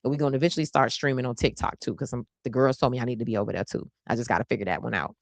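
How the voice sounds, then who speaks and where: Low-voiced chatty woman hosting a live stream. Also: racing, vocal fry, no room sound. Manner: chatty and playful, says y'all constantly. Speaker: host of a live stream show. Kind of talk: casual live stream chat.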